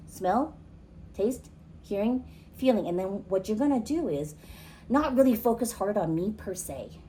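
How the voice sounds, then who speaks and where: A woman's voice: mid-range voice, dark tone, slight background noise. A woman hosts her own podcast and talks in a casual, conversational way, often asking her audience questions. She also leads a guided exercise, prompting the group through smell, taste, hearing and feeling. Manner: chatty, asks the listener questions. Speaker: podcast host. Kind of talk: casual chat and recorded workshop talk.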